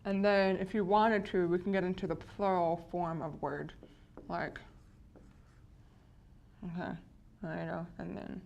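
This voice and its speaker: Low-voiced woman teaching phonics. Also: fairly even intonation, creaky, darkish tone, highs cut off, a little hiss or hum. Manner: checks in with frequent "right?"; slow, deliberate explanation of spelling patterns. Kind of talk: phonics lecture.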